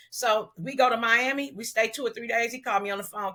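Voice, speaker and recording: A middle-aged woman from Los Angeles, a hairstylist telling an animated, slangy story in an interview and acting out the dialogue. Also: fairly high pitch, quick pace, hardly any pauses. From South Central Los Angeles, US. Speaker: celebrity hairstylist, guest.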